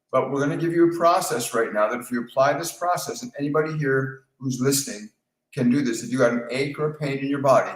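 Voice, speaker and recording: A man hosting a live spiritual Q&A, talking in a calm, repetitive coaching tone. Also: medium pitch, reverberant, poor audio. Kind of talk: live-stream talk answering viewer questions.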